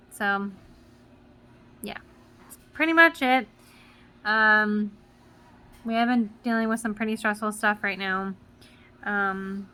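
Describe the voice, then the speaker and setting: A woman's voice: on the high side, sharp tone, smooth. A young mother vlogging casually, rambling with many fillers, emotional and close to tears. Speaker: vlogger mom. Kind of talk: casual vlog talk.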